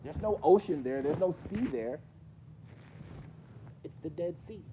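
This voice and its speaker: A man with a New York accent leads a class in a mosque, his voice a bit high yet mellow. He talks things through conversationally and keeps quizzing the room. The recording is muffled and lo-fi, with faint noise behind. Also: expressive, a little slow. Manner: questioning, conversational, quizzes students. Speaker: teacher explaining hadith. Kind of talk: classroom lesson with questions.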